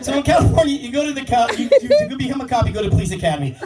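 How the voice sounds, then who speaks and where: A man doing stand-up comedy about police work, telling brash, profane stories quickly. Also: extremely high pitch, lively intonation, loud music behind the voice. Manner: brash, profane, fast storytelling punctuated by laughs. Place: comedy club stage before a live audience. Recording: distant mic with loud crowd laughter.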